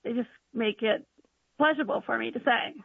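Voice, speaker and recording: A woman's voice: on the high side, a little fast, creaky, husky, no echo. A woman from North Dakota calling in to a radio show, chatting casually and enthusiastically with some ums and likes. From North Dakota, USA. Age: adult teacher. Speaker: radio call-in caller. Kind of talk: casual phone chat. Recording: tinny phone line.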